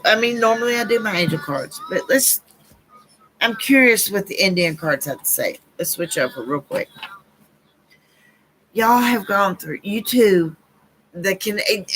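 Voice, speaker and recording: Southern woman, live psychic card reader, earnest and outspoken, showers listeners with endearments, middle pitch. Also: expressive, moderate pace, fairly bright tone, slight background noise, rough recording. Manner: gushing, calls listeners honey and baby; blunt and earnest, repeats herself. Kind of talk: live-stream reading to chat.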